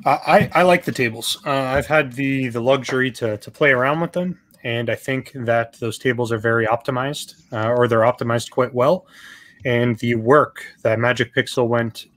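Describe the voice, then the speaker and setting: A man's voice: medium pitch, normal speed, a bit bright, no echo. Hesitant man, dry close sound. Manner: hesitant, stammering restarts. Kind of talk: casual podcast chat.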